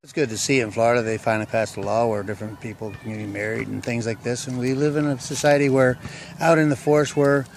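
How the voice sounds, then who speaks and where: A man's voice: mid-range voice, fairly even intonation, fast, creaky, background noise. A man vlogging on a hike who rambles in a folksy, joking way while walking through woods and country roads. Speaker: hiking vlogger. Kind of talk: casual joke-telling vlog.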